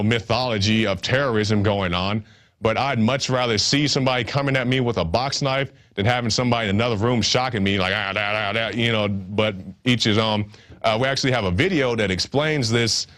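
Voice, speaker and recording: A man's voice: fairly low pitch, a bit bright. A man hosting a news show, giving sarcastic, rambling commentary with many fillers. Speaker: news host.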